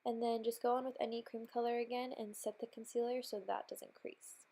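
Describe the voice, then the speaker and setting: A woman's voice: fairly high pitch, level tone, brisk, warm tone. A young woman talking through a makeup tutorial in a chatty, bubbly way, sounding slightly nasal from a cold. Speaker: beauty vlogger. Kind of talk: casual makeup tutorial voice-over.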